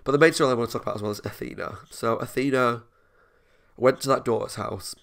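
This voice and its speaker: Guy doing a chatty episode reaction, bit of gravel in his voice, emotional and self-mocking. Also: medium pitch, fast talker, fairly bright tone. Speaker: reaction video host. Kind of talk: casual spoken episode review.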